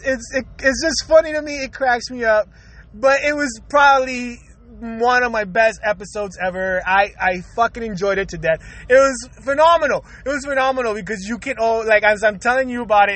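A man with a very high, bright, tense voice tells rowdy comic stories in a loose podcast chat. He swears constantly, laughs through his lines and hammers his points with loud emphasis. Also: fairly even intonation, normal speed. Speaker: podcaster recalling his own episode. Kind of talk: casual comic storytelling.

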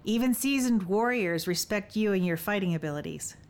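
Brisk, expressive and a little mellow, this woman's mid-range voice is lightly acted as she plays a fierce young warrior in an audiobook. The character teases playfully and speaks in a bold, old-fashioned manner, with a determined mood.

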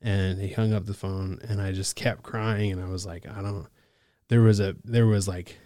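A man from Alaska, a case manager, telling his recovery story in a relaxed, casual way, full of "like" and "bro" and quick laughs. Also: on the low side, no echo, clean studio sound. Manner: laid-back, lots of "like" and "bro", laughs often. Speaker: podcast guest, case manager.

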